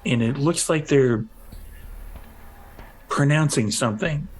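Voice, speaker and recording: A man narrating a tabletop game as game master, in loose, halting description with many fillers. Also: mid-range voice, husky, poor audio.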